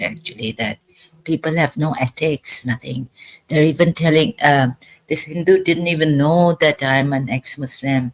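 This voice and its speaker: A woman talking in a rambling livestream monologue, hesitant and halting, pausing often. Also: low voice. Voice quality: husky. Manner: halting, hesitant, full of pauses. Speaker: live streamer.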